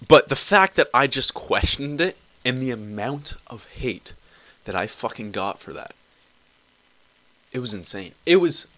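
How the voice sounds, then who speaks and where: A man's voice: medium pitch, animated, a little slow, bright, forceful tone. A young man hosting his own podcast alone, talking in a rambling, crude way full of swearing and restarts on a cheap computer mic at home. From Canada. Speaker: podcast host. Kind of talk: casual solo podcast monologue.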